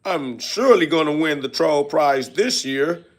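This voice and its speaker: A man's voice: on the high side, animated, a little slow. A man voicing a childish male internet troll who brags in a whiny, sing-song way about his trolling.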